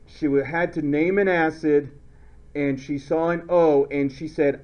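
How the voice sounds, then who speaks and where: A male chemistry teacher lecturing a class in a playful way, now and then shouting silly memory phrases. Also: on the high side, measured pace. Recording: dull lo-fi classroom recording.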